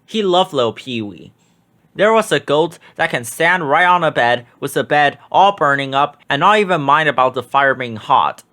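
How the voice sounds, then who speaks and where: A man reading a children's picture book aloud with expressive, drawn-out emphasis. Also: on the high side.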